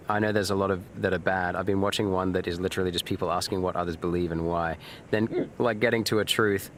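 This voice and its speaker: A lower-pitched man talks casually while he plays a game on a live stream, drifting between the game and his chat. He answers viewers in a loose, rambling way, full of ums and restarts, with a faint hiss behind him. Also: fairly bright tone. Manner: frequent fillers and restarts, swears now and then.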